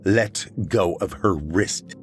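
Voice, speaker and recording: Vengeful young witch done by a guy, soft cooing then growly orders, low-ish voice, faint music under. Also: animated, takes it slowly. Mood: commanding.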